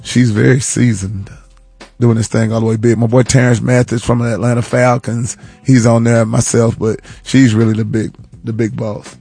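A man's voice: medium pitch, little pitch movement, moderate pace, creaky, warm tone, husky, no echo, faint music behind. A man co-hosting a radio show, talking in an upbeat, slangy way and laughing often. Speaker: radio co-host. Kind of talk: casual radio banter.

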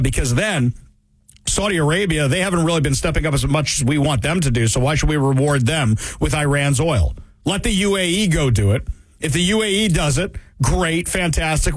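Husky american guy ranting about politics on his show, fairly high voice, dry close mic. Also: dry recording. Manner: emphatic, rhetorical questions, mocking quoted voices. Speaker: political commentary host. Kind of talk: opinionated political monologue.

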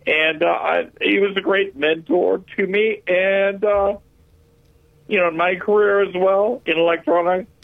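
A man's voice: sits high, fairly even intonation, vocal fry, no echo. Hesitant male caller on a tinny phone line. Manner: hesitant, halting, emotional. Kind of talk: phone-in call.

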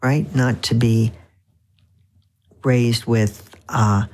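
A man's voice: mid-range voice, steady tone, very slow, darkish tone. A man being interviewed as an author on the radio, telling wry anecdotes with frequent restarts. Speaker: author guest.

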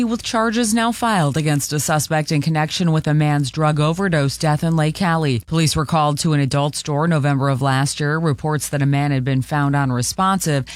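A woman's voice: deep voice, no room sound. Brief: woman, radio news anchor, breezy headline read with jokey asides, dry close mic. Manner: chatty, playful asides between stories.

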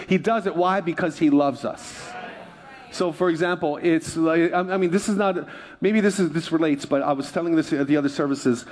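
A middle-aged man preaching a sermon at a church service, animated and joking with the congregation between points. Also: high-pitched. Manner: animated storytelling with jokes and crowd asides. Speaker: pastor.

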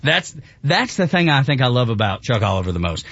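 A man's voice: medium pitch, sing-song, fairly quick, fairly bright tone, breathy edge, no echo, dull audio. A man with a Southern US accent, a country radio host chatting casually, laid-back and drawling, often laughing.

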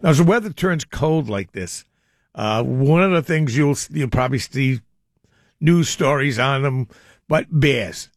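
A man's voice: mid-range voice, measured pace, no room sound, studio quality. An older man hosting a call-in radio show, telling rambling stories with frequent chuckles. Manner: rambling storyteller, chuckles often. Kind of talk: casual radio chat.

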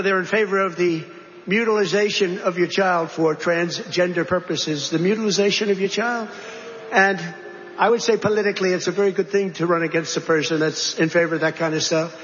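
A man's voice: sits high, fairly bright tone. A man giving a rambling political speech, full of repetitions and conversational asides. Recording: reverberant hall, dull lo-fi sound.

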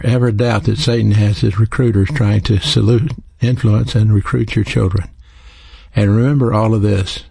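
A man preaching in an earnest, teaching manner, his low voice gravelly and husky. The tone is dark and mellow, and the sound is close and dry with no room around it. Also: no room sound. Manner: earnest, teaching, spells out words. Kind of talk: sermon.

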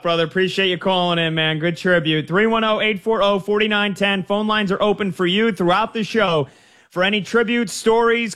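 A man hosting a sports talk radio show, taking callers and previewing games in a brisk, upbeat way. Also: high-pitched, a bit bright.

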